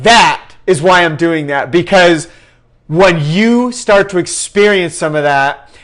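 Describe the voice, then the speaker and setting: A man's voice: high voice, a bit bright. A young man giving a passionate, preachy recruiting talk to his sales team. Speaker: team leader in a sales network. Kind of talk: fervent recruiting pitch.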